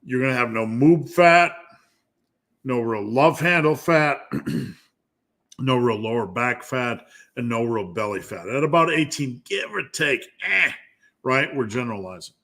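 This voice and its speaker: A man's voice: mid-range voice, expressive, measured pace, fairly bright tone. A man who coaches lifting, answering viewer questions on a live stream in a loose, joking way and thinking aloud as he goes. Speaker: strength coach and host.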